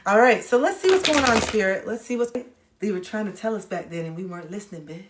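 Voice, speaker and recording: A woman's voice: mid-range voice, lively intonation, fast talker, echoey room, background noise. A woman hosting a livestream, talking bluntly and preachily with slang, recorded on a phone. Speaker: livestream host giving spiritual advice. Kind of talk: casual livestream talk.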